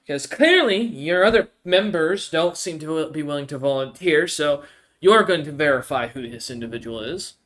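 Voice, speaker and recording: A man's voice: a little high, expressive, normal speed, a bit bright. A man voicing a tired, stern woman who escorts prisoners, sighing and giving clipped orders. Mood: weary, stern. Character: weary stern woman paladin's agent.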